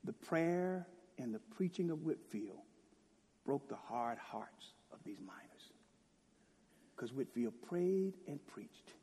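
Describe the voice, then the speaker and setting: A man preaching a sermon with great passion, shifting between loud declaiming and hushed, near-whispered lines, and asking rhetorical questions again and again. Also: fairly high pitch, lively intonation, slow, husky. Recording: long hall reverb.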